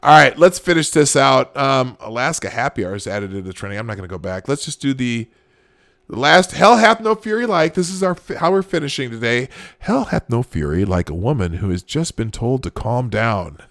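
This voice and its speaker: A man's voice: mid-range voice, sing-song, brisk, creaky, a bit bright, no room sound, clean studio sound. A man hosting a casual live show, reacting to online posts with frequent exclamations and laughter. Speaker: host.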